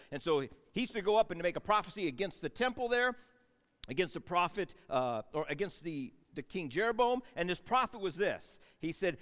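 A man's voice: high voice, fairly bright tone, long reverb tail. A man preaching a sermon, retelling a scripture story in a conversational, folksy way with playful asides.

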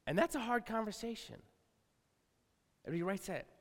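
Energetic pastor in a reverberant hall. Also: male voice, high-pitched, a little fast. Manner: conversational, swinging from quiet asides to loud outbursts. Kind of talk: sermon. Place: large church hall. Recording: live sermon with long hall reverb.

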